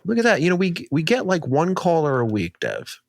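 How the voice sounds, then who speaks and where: A man's voice: a little high, huge pitch swings, fairly quick, creaky, dry recording, soft background music. A man co-hosting a show, chatting casually with dry jokes. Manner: dry, joking. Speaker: podcast co-host. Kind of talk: casual chat.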